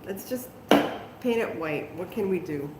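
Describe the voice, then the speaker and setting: A woman's voice: on the low side, animated, measured pace. A middle-aged woman hosting a casual live crafting stream at home, chatting to viewers and laughing at her own mistakes. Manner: chatty, self-deprecating, talks to viewers. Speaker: crafting livestream host. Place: at home, moving outdoors. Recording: roomy home echo, faint background noise.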